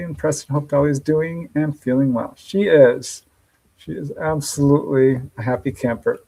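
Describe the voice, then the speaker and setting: On this podcast livestream, the male host keeps things casual, cheerful and talkative, calling out viewers by name and laughing a lot. He has a warm, mid-range voice, though the audio quality is poor.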